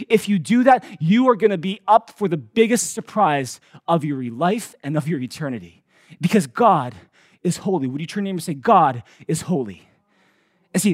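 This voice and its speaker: Man, pastor, sermon, high voice, dry close sound, dramatic shifts in loudness. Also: no room sound. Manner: emphatic preaching with big swings in loudness, acting out quoted voices.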